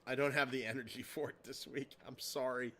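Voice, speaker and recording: Bright-voiced, crude-joking man hosting a podcast. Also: mid-range voice, steady tone, fairly quick. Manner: crude, joking, self-deprecating. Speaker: podcast host. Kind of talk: casual podcast banter. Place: home room at a computer.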